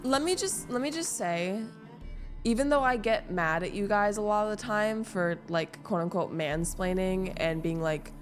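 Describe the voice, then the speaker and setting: A young woman streams a game and chats with her viewers. She rambles through her stories with plenty of fillers and laughs at herself, her voice sitting at an ordinary middle pitch. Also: lively intonation, normal speed, faint music behind. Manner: rambling, self-deprecating, lots of fillers. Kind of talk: casual chat while gaming.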